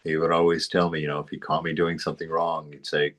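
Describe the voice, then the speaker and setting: A man's voice: extremely low pitch, completely flat delivery, fast talker, hardly any pauses, fairly bright tone. A man giving an informal spiritual teaching, rambling into anecdotes and chuckling often. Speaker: spiritual study group teacher.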